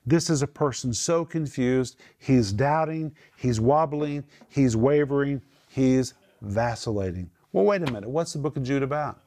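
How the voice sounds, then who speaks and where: A man teaching from the Bible, explaining Greek words with emphatic, drawn-out stress on key phrases. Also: mid-range voice, warm tone.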